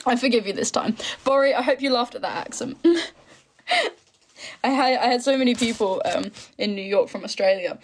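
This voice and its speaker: A chatty, giggly English woman in her twenties from the east of England, hosting a casual live stream and answering viewer comments. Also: fairly high pitch. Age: 20s. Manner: chatty and giggly, quick asides. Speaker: livestream host.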